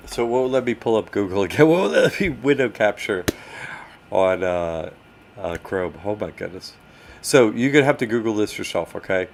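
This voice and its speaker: A man hosting a live stream, talking casually to chat while he struggles with his screen. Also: fairly low pitch. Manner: animated, talks to chat while fumbling with the screen. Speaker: livestream host answering chat. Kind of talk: casual livestream talk.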